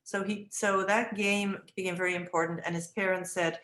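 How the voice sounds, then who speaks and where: An older woman, an early childhood educator, recounting classroom stories and acting out the dialogue in lively high voices. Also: moderate pace, hardly any pauses. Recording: echoey room.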